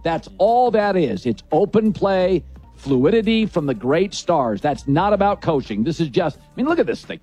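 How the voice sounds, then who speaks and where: Emphatic high-voiced sports talk host. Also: male voice, very animated, moderate pace, a little mellow, husky, dull audio, faint music behind. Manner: emphatic, declarative.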